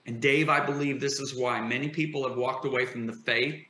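A man's voice: medium pitch, steady tone, a little fast, bright, forceful tone. Fervent preacher man in an echoey room. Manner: emphatic, builds to impassioned declarations. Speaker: guest preacher.

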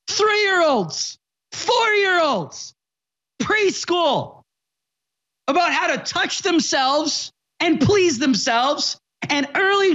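A speaker in their twenties hosting a political commentary show, ranting with impassioned, sarcastic shouting. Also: very high voice, highs cut off.

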